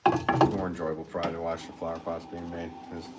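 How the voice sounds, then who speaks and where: A man's voice: low-pitched, completely flat delivery, quick pace. A man chatting casually on a live stream from his pottery studio, reading viewer comments aloud and answering with easy laughs. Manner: easygoing, reads viewer comments aloud and chats back with soft laughs. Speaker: potter live-streaming while throwing pots. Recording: noisy live-stream audio with clear background hiss.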